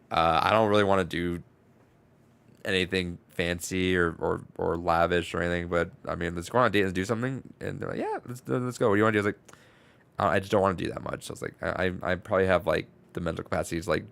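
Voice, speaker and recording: A man's voice: deep voice, creaky, a bit bright, no echo. A man co-hosting a podcast, telling a story in rambling casual chat, restarting his words and swearing freely. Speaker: podcast co-host.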